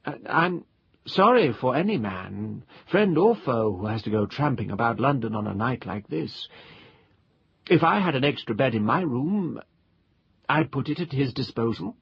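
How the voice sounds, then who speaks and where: A man voicing a tipsy, pompous middle-aged gentleman who speaks with exaggerated, sing-song civility. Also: mid-range voice, lively intonation, normal speed, gravelly, husky, exaggerated voice. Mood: tipsy, genial. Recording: dull lo-fi recording.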